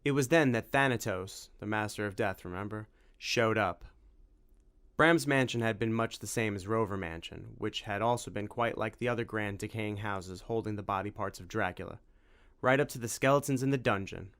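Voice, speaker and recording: Man, audiobook narrator, wry lively storytelling, fairly low voice. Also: normal speed. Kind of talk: audiobook reading.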